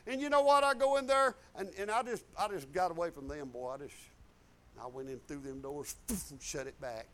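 A man, a pastor telling a testimony in a conversation, folksy and animated, chuckling as he goes. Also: on the high side, normal speed.

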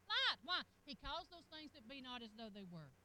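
A middle-aged woman preaching a sermon in a folksy, animated way, with laughing asides, dropping to a hush and rising to a loud call. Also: high-pitched, moderate pace, slight background noise, rough recording.

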